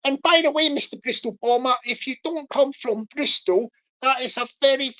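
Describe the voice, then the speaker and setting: A woman hosting a livestream, rambling and repeating herself as she mock-scolds and gives shout-outs. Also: a little high, muffled recording. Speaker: livestream host.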